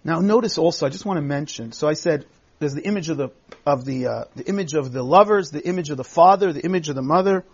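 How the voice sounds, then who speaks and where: A man teaching a Bible text in class, reading verses aloud and explaining them with emphatic, expressive delivery. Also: a little high, quick pace, slightly rough, muffled recording.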